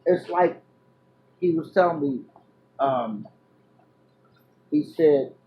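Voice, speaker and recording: Woman chatting to her viewers, swings from loud to quiet, lots of ums and restarts. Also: low-pitched, slow pace, highs cut off, a little hiss or hum. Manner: animated, drifts between loud exclamations and hushed asides; chatty, many fillers and restarts. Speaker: vlogger. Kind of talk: casual storytelling to viewers.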